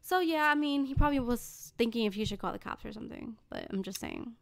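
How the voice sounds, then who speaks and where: A young woman co-hosting a casual podcast, telling an animated story with frequent swearing and sudden loud bursts. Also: on the high side, fast, vocal fry. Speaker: podcast co-host.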